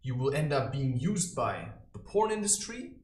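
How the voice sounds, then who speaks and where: A man's voice: mid-range voice, sing-song, moderate pace. A man giving a preachy, theatrical, mocking satirical monologue to camera from his own room. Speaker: self-styled spiritual advisor. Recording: roomy echo.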